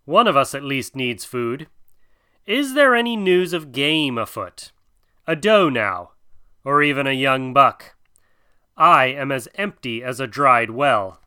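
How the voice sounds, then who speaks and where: A man's voice: medium pitch, animated, takes it slowly, sharp tone, clean tone, dry recording, studio quality. A man voicing a proud, courteous old male python in a storybook reading, with hissing, grand, old-fashioned speech.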